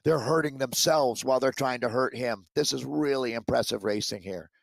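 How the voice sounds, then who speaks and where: A man with a gravelly, fry-edged voice at an ordinary pitch calls a virtual bike race, getting excitable as the finish nears. The sound is dry and close, like a headset mic. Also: normal speed, no room sound. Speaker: esports cycling commentator. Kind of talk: play-by-play race commentary.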